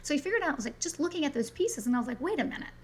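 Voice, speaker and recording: A middle-aged woman from South Carolina with a mostly neutralized Southern accent, talking quickly and energetically as an interview guest. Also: high voice, expressive. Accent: mild Southern, mostly neutralized. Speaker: guest, business coach. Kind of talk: fast-paced interview talk.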